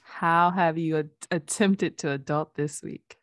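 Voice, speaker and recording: A woman's voice: low-pitched, steady tone, measured pace, no room sound, studio quality. A woman co-hosting a podcast in casual chat, laughing often and teasing. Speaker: podcast co-host.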